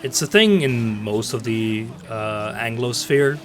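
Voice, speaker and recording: A man's voice: mid-range voice, slow pace, a bit bright, a little hiss or hum. Chatty streamer man. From Netherlands. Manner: rambling, chatty, many fillers and restarts. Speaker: game streamer. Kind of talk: casual live-stream gaming chat. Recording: faint game ambience behind.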